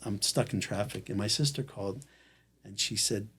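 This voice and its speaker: A man with a low, husky voice tells a personal story in casual conversation. He acts out each person's lines as he goes, switching between them with animated delivery. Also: moderate pace. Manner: animated storyteller acting out quoted dialogue. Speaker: guest.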